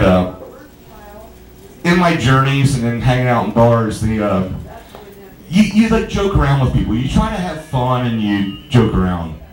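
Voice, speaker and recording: A man with a medium-pitched, darkish voice does a stand-up set in a small bar with an echoey room. He tells rambling, stammering stories and banters with the crowd.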